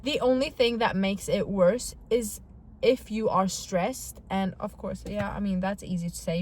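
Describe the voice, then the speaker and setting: A woman's voice: medium pitch, fairly even intonation, a little slow, darkish tone, a little hiss or hum. A young woman vlogging to camera in casual talk, chatty and dramatic, with self-mocking asides.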